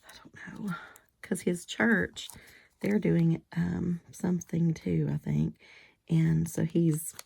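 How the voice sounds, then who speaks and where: A woman chatting casually in a crafting vlog while she makes cards, still getting over a cold. She rambles and often drops into soft, half-whispered asides. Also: lowish voice, expressive, slow pace, vocal fry, breathy edge. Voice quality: whiny-sounding. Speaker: crafting vlogger making cards.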